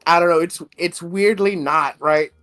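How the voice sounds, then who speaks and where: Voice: medium pitch, a little slow, fairly bright tone, soft background music. A podcast co-host in a casual chat who talks loosely, swears freely and keeps laughing between words. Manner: giggly, loose and profane, laughs through sentences.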